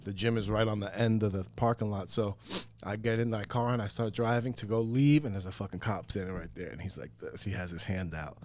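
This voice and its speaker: A man casually telling a story on a podcast, animated and profane, acting out what people said. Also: on the low side, fairly quick, slight background noise. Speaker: podcast guest.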